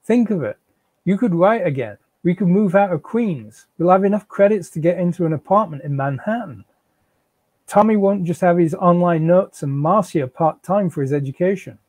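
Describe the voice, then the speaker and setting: A man's voice: sits high, expressive, moderate pace, darkish tone, no echo. A man in a live reading, voicing a defensive, pleading unemployed husband and father.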